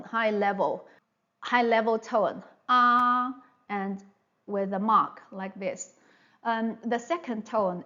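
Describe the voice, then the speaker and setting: This mid-range female voice has its highs cut off. Teaching Mandarin pronunciation online at a slow pace, she repeats things patiently, stretches sounds out to show them, and keeps asking "all right?"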